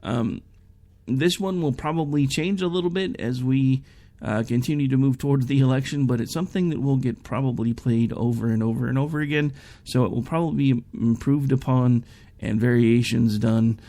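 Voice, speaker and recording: A male internet talk radio host with a gravelly voice chats casually through show updates. His manner is rambling, folksy and self-deprecating, with some fry at the ends of phrases. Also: mid-range voice, normal speed, mellow.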